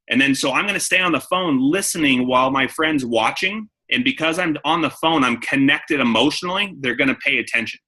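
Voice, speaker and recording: Bright-voiced man coaching his team. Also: medium pitch, a little fast, few pauses, low-quality recording. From San Diego. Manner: coaching, repetitive, acts out phone calls. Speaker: network marketing trainer. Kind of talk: training talk to a team.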